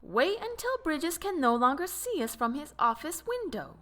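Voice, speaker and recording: A woman reading aloud puts on an eccentric male detective from an audiobook who cackles high and shrill. His voice swings wildly up and down and rings bright and sharp. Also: big pitch swings, moderate pace. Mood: hushed urgent. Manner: fierce whispers and wild hooting laughter.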